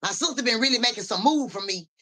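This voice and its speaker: A woman telling stories in a casual live stream, animated and profane. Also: fast. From Memphis area, USA. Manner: animated, profane, keeps saying "so boom".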